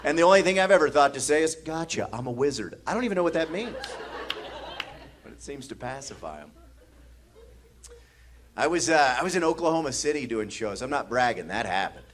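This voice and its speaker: A man's voice: on the high side, a little fast, long pauses, some chatter behind, slight background noise. A man from the American Midwest doing a stand-up comedy set on a club stage, acting out the strangers in his stories. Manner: animated, acts out drunk strangers with mumbling voices. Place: comedy club stage before a laughing audience.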